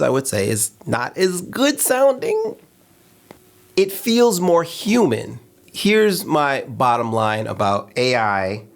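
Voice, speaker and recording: A man with a gravelly, creaky voice hosts a casual tech review. He talks in a candid, opinionated, conversational way. His pitch sits in a middle range. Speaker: host of a filmmaking channel.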